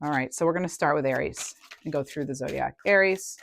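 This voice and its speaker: Low-voiced woman giving a casual tarot reading. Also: a little fast, creaky, a bit bright, a little hiss or hum. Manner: chatty, thinks aloud, trails off and restarts. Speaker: tarot reader.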